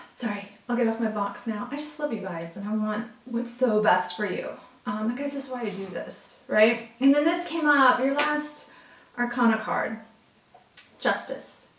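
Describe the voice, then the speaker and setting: A woman reads tarot in a casual, chatty way and talks straight to her viewers. She gets excited as she goes. Her voice sits back from the mic and the room sounds roomy. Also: a little high, measured pace. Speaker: tarot reader. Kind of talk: casual tarot reading to camera. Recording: roomy, from a distance.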